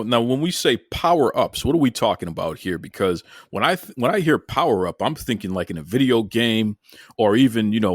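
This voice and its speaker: A man's voice: medium pitch, no echo, studio quality. A man with a Boston accent hosting a casual podcast interview, joking and stumbling over his words as he teases his guest. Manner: jokey, stammering, lively teasing. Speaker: podcast host.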